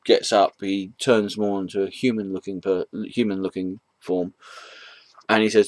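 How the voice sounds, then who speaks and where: A man's voice: lowish voice, little pitch movement, moderate pace, a little mellow, no room sound. A man casually retelling a comic book's story for a review, hesitant and rambling, with many ums and chuckles at the jokes.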